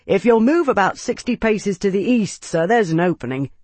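A narrator voicing an eager young centurion calling out from a wall. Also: male voice, high-pitched, lively intonation, normal speed, a little mellow, dry recording, pitched above the performer's own voice. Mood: dutiful.

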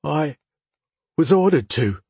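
A man's voice: medium pitch, very animated, slow pace, breathy edge, no room sound, heavily acted. A man voicing a frightened young male soldier who pleads in a whiny, stammering voice. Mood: whimpering.

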